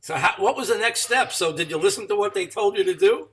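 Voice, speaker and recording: A man's voice: high voice, animated, fast talker, fairly bright tone. A man hosting a podcast interview, prompting his guest with short questions. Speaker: podcast host.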